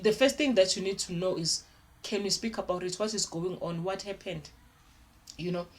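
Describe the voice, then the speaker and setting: A young woman giving parenting advice in an earnest, repetitive way, often restarting her sentences. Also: medium pitch. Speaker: parenting vlogger. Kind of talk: casual advice talk to camera.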